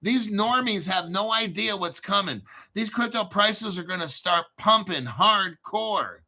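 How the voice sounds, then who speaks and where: A man's voice: high-pitched, expressive, a little slow, pushed and bright. A man hosting a crypto channel, ranting brashly and sarcastically and swearing a lot. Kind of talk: profane ranting monologue.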